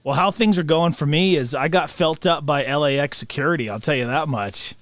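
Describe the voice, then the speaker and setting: Man, podcast co-host, slightly high voice, dry close sound, laughing storyteller. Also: a little fast, dry recording. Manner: animated anecdote teller, laughs mid-sentence. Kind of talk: casual storytelling chat.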